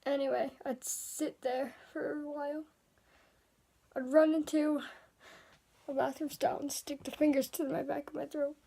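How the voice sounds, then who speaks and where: A woman tells a grim first-person story, her voice high but mellow and dark in tone, with a gravelly fry running through it. She speaks softly and hesitantly, and her delivery often sinks to a whisper. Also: little pitch movement, a little slow, pauses often.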